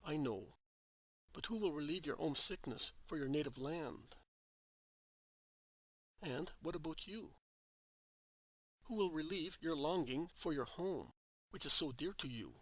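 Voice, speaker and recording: A man voicing Mary, a tender, humble young mother, speaking in soft, sorrowful pleading in a devotional story reading. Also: on the high side, animated, a little slow, pauses often, dry recording.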